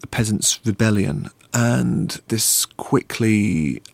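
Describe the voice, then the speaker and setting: Low-voiced male author, thoughtful. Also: vocal fry, breathy edge, no echo. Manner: thoughtful, with many pauses and fillers. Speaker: author and interview guest. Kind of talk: interview answers and book reading.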